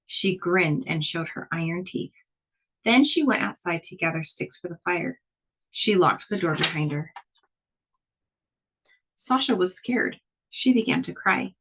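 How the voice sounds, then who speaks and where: A woman reading a children's picture book aloud in an expressive, slow storytelling manner. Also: fairly low pitch, slightly rough, poor audio. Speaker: storybook reader.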